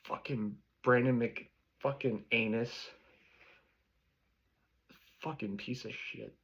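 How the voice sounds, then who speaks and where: A man's voice: medium pitch, fairly even intonation, measured pace, a bit bright, husky. A man in his thirties, a sports fan vlogger, delivering an angry, profane reaction rant. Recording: dull lo-fi recording.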